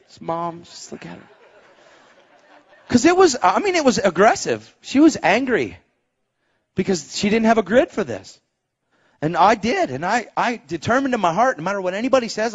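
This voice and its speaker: A middle-aged man preaching a sermon as a story, animated, dropping to a hush and rising to shouts. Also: high voice, breathy edge, highs cut off. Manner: animated, swings from hushed to shouting.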